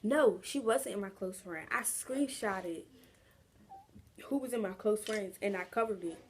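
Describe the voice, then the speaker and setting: A woman's voice: mid-range voice, measured pace, slight background noise. A young adult woman telling a casual storytime vlog, chatty and slangy, drawing the story out. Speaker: vlogger.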